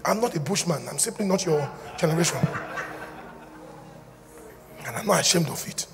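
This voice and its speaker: A middle-aged pastor with a high, lively voice that has a gravelly edge. He preaches with bright, forceful energy, often breaking into jokey dialogue. The sound carries a long reverb from a large church hall, with faint crowd ambience behind it. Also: moderate pace, noisy background. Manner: animated, jokey, shouts and acts out dialogue. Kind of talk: sermon.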